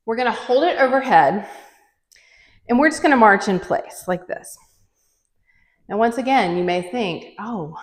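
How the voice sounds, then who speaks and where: A woman's voice: medium pitch, a bit bright, reverberant. Breathless woman leading a workout. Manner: encouraging, counts reps aloud, says "y'all". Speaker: fitness instructor. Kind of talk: guided workout instruction.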